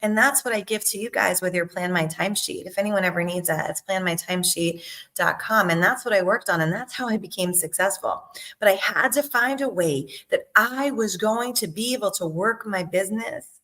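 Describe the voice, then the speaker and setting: A middle-aged woman sales coach talking casually to her viewers, animated and emphatic, with frequent "right?" and "okay?" asides. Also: medium pitch, moderate pace. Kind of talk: casual talk to camera.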